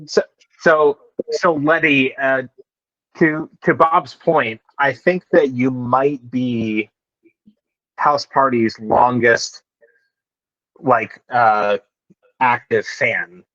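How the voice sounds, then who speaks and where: A man's voice: medium pitch, fairly even intonation, fairly bright tone, no echo. A man hosting a live Q&A over a call, stumbling over words and teasing the guests. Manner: halting, repeats words, dry teasing. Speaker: host. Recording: dull dry lo-fi call audio.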